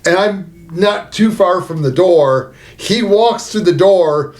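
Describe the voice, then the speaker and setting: A man's voice: high voice, slow pace, a little mellow. A man co-hosting a podcast, telling a crude, joking work story in casual chat. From American South. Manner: crude, joking, acts out quoted voices. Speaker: podcast co-host.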